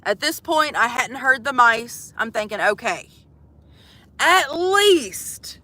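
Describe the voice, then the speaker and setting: A woman's voice: on the high side, animated, moderate pace, pushed and bright. A young woman telling a comic, profane story to live viewers from inside a van, exasperated and swearing freely. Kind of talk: casual storytelling livestream.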